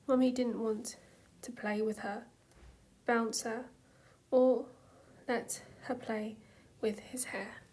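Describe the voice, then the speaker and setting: A woman narrating a fan story softly, with a hushed, gentle reading voice. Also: on the high side, fairly even intonation. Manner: slow, soft, hushed reading. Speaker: fanfiction reader.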